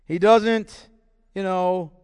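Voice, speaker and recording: Male pastor, high voice, emphatic sermon delivery, rhetorical questions, reverberant hall. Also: fairly even intonation, extremely slow, darkish tone, smooth.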